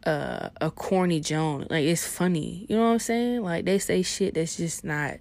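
A woman's voice: on the low side, moderate pace, gravelly. Blunt, profane young woman ranting. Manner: profane, blunt, swings between hushed asides and loud outbursts. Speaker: vlogger. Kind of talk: comedic rant.

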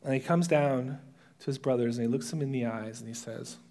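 A male pastor delivers a sermon, retelling a story with drama and sinking into hushed whispers at the emotional moments. His pitch is medium and his pace slightly quick.

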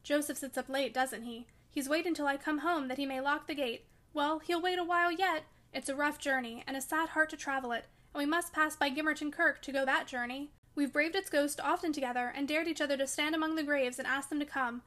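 A woman's voice: sits high, a bit bright. A woman reading as a feverish, passionate young woman, raving and fierce in a storybook reading.

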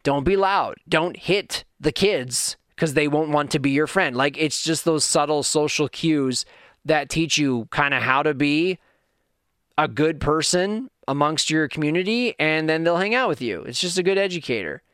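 Middle-aged male podcast host, slightly high voice, earnest and heartfelt, dry close-miked sound. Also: normal speed, a bit bright, clean tone, no room sound. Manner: earnest, heartfelt, rising to emphatic calls-out. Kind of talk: solo podcast monologue.

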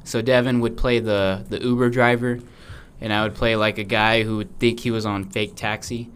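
A man's voice: fairly low pitch, flat delivery, moderate pace, fairly bright tone, a little hiss or hum. A young man co-hosting a podcast in casual, laid-back chat, swearing and laughing often. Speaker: podcast co-host.

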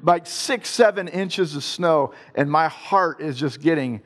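A father from Ohio recounts a personal faith story, his voice a little high and his pace measured. He tells it conversationally with self-deprecating laughs, shaping it into an earnest devotional talk.

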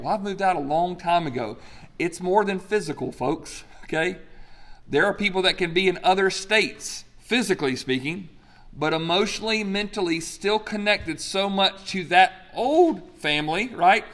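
A man preaching a sermon as pastor, talking conversationally and often checking in with the room. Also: fairly high pitch. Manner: conversational, checks in with "okay?" and "folks"; animated storyteller.

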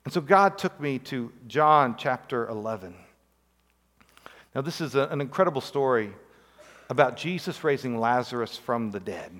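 A man preaching a sermon as a pastor, earnest, rising high on pleading lines and dropping soft and low on key phrases. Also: lively intonation, normal speed, long reverb tail.

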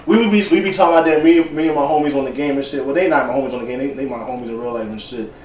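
A man's voice: mid-range voice, rapid-fire, darkish tone. A man in casual chat with friends, telling stories in laid-back slang with plenty of profanity. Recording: roomy, mic at a distance.

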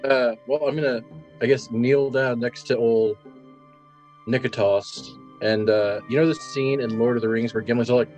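A man's voice: medium pitch, fairly even intonation, normal speed, darkish tone, soft background music. A man playing a tabletop game, hesitant and full of fillers, slipping into goofy in-character lines. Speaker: player. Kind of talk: in-character tabletop role-play.

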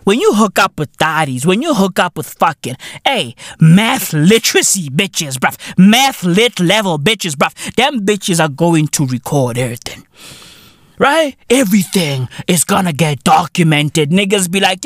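Loud ranting man in his thirties. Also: high voice, very animated, moderate pace, dry recording, clean studio sound. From South Africa. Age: 30s. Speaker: podcast host. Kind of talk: profane comedic rant.

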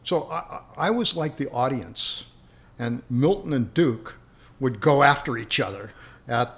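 A man's voice: medium pitch, lively intonation, a little slow. A man, an interview guest, telling long rambling anecdotes and chuckling as he remembers them. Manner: rambling, chuckling as he recalls stories. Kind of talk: anecdotal storytelling.

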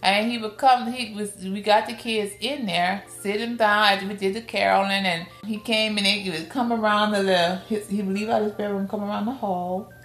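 A podcast guest, middle-aged and with a New Orleans accent, livens up a casual interview with family stories, acting out relatives' quotes through dramatic pitch jumps. The recording sounds roomy, with music faintly behind her.

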